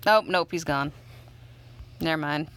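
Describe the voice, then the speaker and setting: A woman's voice: sits low, measured pace, fairly bright tone, smooth. A woman hosting a let's play, chatting casually and teasing her friend with jokes. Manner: playful, teasing, jokey. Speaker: host. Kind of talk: casual chat while playing a mobile game.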